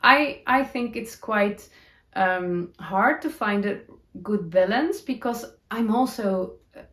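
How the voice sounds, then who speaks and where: A woman with a Dutch accent, a native Dutch speaker, chatting casually as a knitting podcast host, with many fillers, pauses and giggles. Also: medium pitch, fairly bright tone. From Netherlands. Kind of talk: casual chat showing her knitting gear. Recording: roomy echo.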